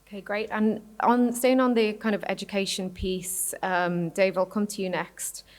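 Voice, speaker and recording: A woman moderating a live panel discussion, measured as she hands questions to the panelists. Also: medium pitch, steady tone. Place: hall at a live panel event.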